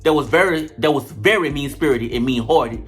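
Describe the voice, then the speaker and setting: Foul-mouthed reviewer ranting about a reality show episode, lively and dramatic, faint music underneath. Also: mid-range voice, brisk. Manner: animated, profane, dramatic retelling. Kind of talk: casual commentary vlog.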